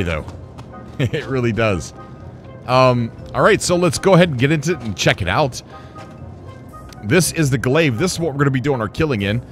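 Man, gaming host, excitable, rambling, laughs a lot, casual gameplay commentary, soft music underneath. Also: mid-range voice.

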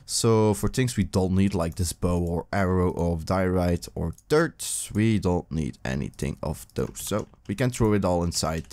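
A man hosting his own gaming video, giving rambling, casual let's-play commentary full of fillers and breaking into excited yelps, talking into a desk microphone as he plays. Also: sits low, unhurried, hardly any pauses.

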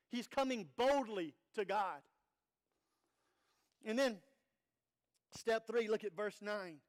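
High-voiced preacher giving an earnest sermon. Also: male voice, unhurried, long pauses. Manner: earnest, conversational preaching with rhetorical questions. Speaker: pastor.

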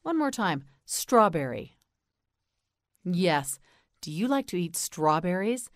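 An American woman teaching English pronunciation in a slow, scripted lesson, patiently repeating each word and encouraging the learner. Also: on the low side, big pitch swings, dry recording, studio quality.

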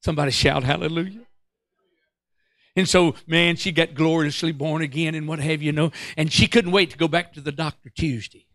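A male pastor, telling a story in an excitable, stammering sermon that breaks into song. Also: a little high, fairly quick, no room sound, clean studio sound.

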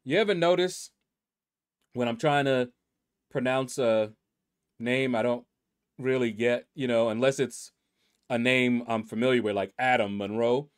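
A man's voice: medium pitch, steady tone, measured pace, long pauses, smooth. A man hosting a gaming channel, chatting casually with rambling asides as he reads through a leaderboard. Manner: laid-back and rambling, with many asides. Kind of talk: casual commentary reading a leaderboard.

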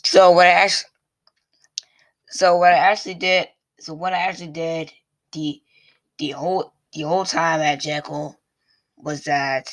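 Halting, rambling male vlogger, dry sound. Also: a little high, level tone, fairly bright tone, no room sound. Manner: halting, restarts and repeats phrases constantly. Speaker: YouTube vlogger. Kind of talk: casual rambling vlog talk. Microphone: desk mic with pop filter.

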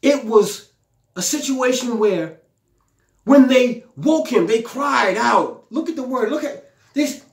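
In a roomy-sounding space, a man with a very high, gravelly, expressive voice preaches at a slow pace. Fervent exclamations and repeated lines fill his sermon as he paraphrases the scripture aloud in a pleading voice, acting it out.

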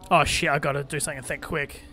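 A man's voice: a little high, fairly even intonation, fast. A young man swearing his way through a horror game playthrough, commenting as he plays and yelping when startled. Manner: heavy swearing, jumpy loud outbursts when startled. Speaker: let's play gamer.

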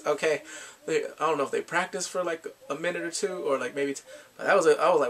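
A man casually recapping and reviewing a drama, excitable and animated, often laughing and acting out his reactions. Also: a little high, fast talker.

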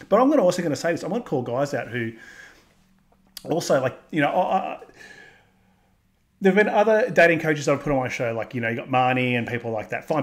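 A man with an Australian accent hosts a reaction video and delivers a crude, sarcastic, heated rant. He swears constantly and talks straight to his viewers. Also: fairly high pitch. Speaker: commentary channel host.

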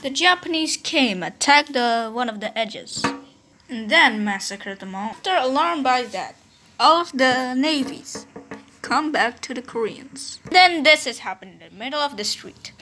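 A woman with an Indonesian accent narrating a playful history cartoon, now and then bursting into shouted character bits. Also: high voice, lively intonation, a little slow.

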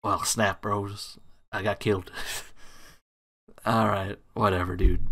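A man's voice: lowish voice, flat delivery, takes it slowly, gravelly, pauses often, fairly bright tone. A young man giving casual, slangy, jumpy commentary while playing a horror game. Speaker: gaming streamer.

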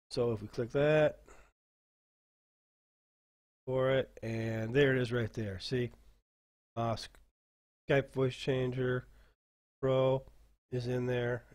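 A man hosting a casual screen-share tutorial for dungeon masters, rambling and halting as he clicks through software at his desk mic. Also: medium pitch, fairly even intonation.

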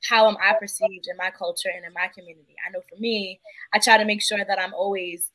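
A woman's voice: medium pitch, steady tone, fairly quick, bright, forceful tone, rough recording. A woman on a panel talking about her nonprofit work in a thoughtful, earnest way. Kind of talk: casual panel discussion.

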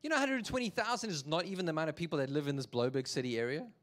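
A man preaching a sermon as a pastor, telling the story in an animated, jokey way. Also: on the high side, rapid-fire.

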